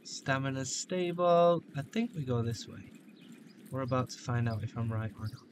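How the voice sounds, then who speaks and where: A man's voice: medium pitch, moderate pace, background noise. A man hosting a gaming video, joking and playful as he comments on his play. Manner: joking, playful, with silly voices and outbursts.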